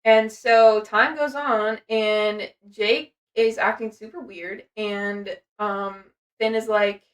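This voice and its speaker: A woman's voice: mid-range voice, fairly even intonation, slow pace. A young adult woman hosting a podcast, reading from notes in a rambling casual way, swearing freely and using many fillers. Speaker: podcast host. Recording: voice distant from the mic.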